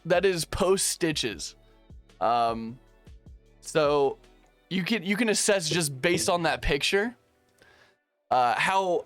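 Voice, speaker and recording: A young man telling a story casually, slangy and animated, playing out his own past lines. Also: on the high side, no echo.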